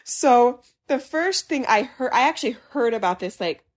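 A young woman co-hosting a podcast, telling stories in an animated way, laughing and acting out quotes. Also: on the high side, normal speed. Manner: animated, laughing storyteller who acts out quotes. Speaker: podcast co-host. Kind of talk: casual chat.

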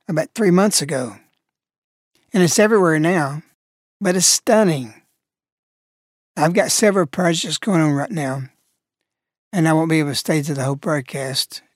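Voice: medium pitch, moderate pace, pauses often, dry recording. A host introducing a broadcast in an earnest, emphatic way. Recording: dry recording with faint music behind.

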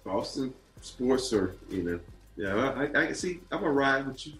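A man trading easygoing sports banter on a podcast, joking and tripping over his own restarts. His voice sits mid-pitch and rings in a roomy, echoey space. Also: big pitch swings, normal speed, a bit bright. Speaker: podcast host.

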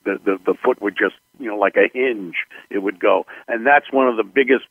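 An older man, a film director, telling stories about his films in an interview, unhurried and full of fillers. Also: lowish voice, dry recording, narrow, tinny audio. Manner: gravelly, unhurried storytelling with fillers. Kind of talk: interview recollections.

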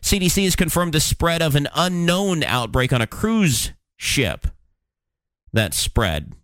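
A man's voice: on the high side, very animated, a little slow, a bit bright, dry recording, clean studio sound. A man hosting a talk show, running through news headlines with sarcastic, plain-spoken commentary and frequent fillers. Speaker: podcast host.

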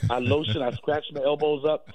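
A man's voice: on the high side, fairly even intonation, normal speed, crowd noise. A man, a comedian guest, riffing and boasting playfully in a joking radio interview over the phone. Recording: tinny phone line.

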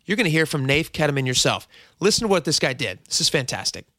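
A man's voice: on the high side, sing-song, quick pace, pushed and bright, no echo. A man hosting a talk radio show on a studio microphone, chatty and jokingly self-mocking.

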